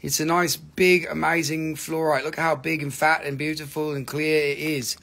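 A man's voice: on the high side, level tone, normal speed, gravelly, fairly bright tone. A man hosting a live mineral sales stream, talking in a joking, rambling, playful way as he announces prices. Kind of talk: casual live selling banter.

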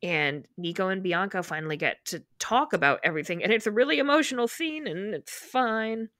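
A woman's voice: medium pitch, expressive, brisk, a bit bright, no room sound, clean studio sound. A woman co-hosting a podcast, casually retelling scenes from a book and acting out the characters' lines. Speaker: podcast co-host.

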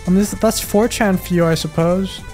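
A gaming YouTuber giving excitable let's play commentary, swearing and stammering as he reacts to the game. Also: mid-range voice, fairly quick, faint music behind.

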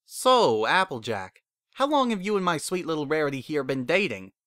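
A man voicing a cheerful middle-aged unicorn stallion father, booming and jovial. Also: sing-song, a little fast, sharp tone, no echo, clean studio sound. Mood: casual.

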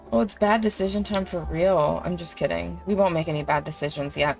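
A woman's voice: fairly low pitch, steady tone, brisk, creaky, few pauses, a little mellow, faint music behind. A young woman giving chatty, giggly commentary over a life-sim game, full of fillers. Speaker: let's play creator.

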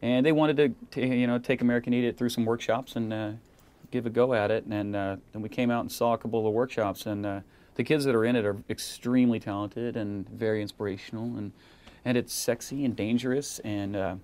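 A man's voice: medium pitch, steady tone, fairly quick, a little mellow. A man in a casual interview, speaking in a laid-back way with lots of uhs. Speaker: band member interviewed.

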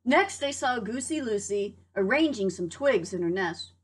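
A woman teacher reading a picture book aloud to young children, in a lively, expressive way. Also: mid-range voice, normal speed, hardly any pauses, husky. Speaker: preschool teacher.

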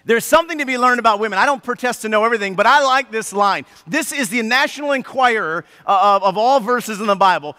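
A man preaching a sermon as pastor, telling the story with animated, lively delivery and acting out the people in it. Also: high-pitched, fast, few pauses, smooth, in a large hall. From United States. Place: church sanctuary.

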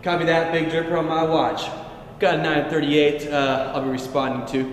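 A man's voice: a little high, flat delivery, normal speed, lightly acted. A man playing a cocky, boastful police officer in a mock documentary skit, with a swaggering manner. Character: cocky macho male cop in a spoof. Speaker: actor in a comedy skit. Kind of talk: mock documentary comedy acting. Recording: echoey room with noise.

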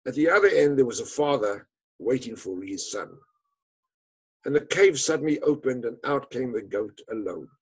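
Male lecturer-storyteller, husky voice, dramatic and emphatic, average pitch. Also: animated, normal speed, low-quality recording. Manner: dramatic, emphatic storytelling with falling, hushed phrase endings. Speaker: speaker telling a story to an audience.

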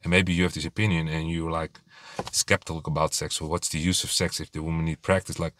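Deep-voiced blunt man giving dating advice. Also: flat delivery, brisk, a bit bright. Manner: blunt, rambling, swears casually. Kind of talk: casual monologue to camera.

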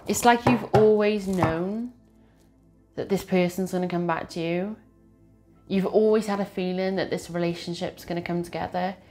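A woman with a fairly low voice talks through a tarot card reading. She speaks earnestly and with feeling, circling back over her phrases. Soft music plays faintly behind her. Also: moderate pace. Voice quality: earnest, emotional, repetitive phrasing. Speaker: tarot reader.

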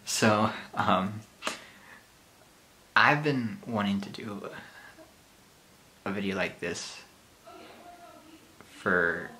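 A man's voice: fairly low pitch, very slow, long pauses, pushed and bright, a little hiss or hum. A man hosting his own channel, talking casually and nervously with lots of hesitations. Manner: nervous, hesitant, many fillers and self-deprecating laughs. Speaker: channel host. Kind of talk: casual vlog talk.

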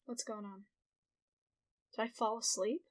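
A woman's voice: fairly high pitch, fairly even intonation, measured pace. A woman casually narrating her own gameplay, reacting aloud and swearing. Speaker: gaming streamer. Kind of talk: let's play commentary.

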